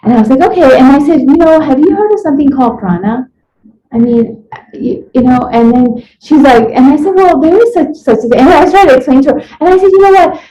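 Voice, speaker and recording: A woman being interviewed, telling a personal story in a rambling, animated way and acting out what people said to her. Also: high voice, brisk. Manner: rambling, animated retelling with acted-out quotes. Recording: echoey room, dull lo-fi sound.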